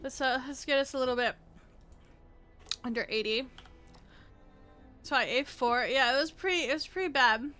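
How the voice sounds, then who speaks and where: A young woman streaming live, chatting casually and excitably to her chat, rambling and laughing at herself. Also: sits high, normal speed, long pauses, smooth, soft background music. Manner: excitable, rambling, self-deprecating, laughs often. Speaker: VTuber streamer.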